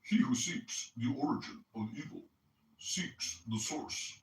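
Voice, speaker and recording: A man mimicking a caller as he reads a mystical book aloud in a slow, solemn recitation. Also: medium pitch, animated, vocal fry. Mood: solemn reading. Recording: echoey room, far from mic, faint hiss.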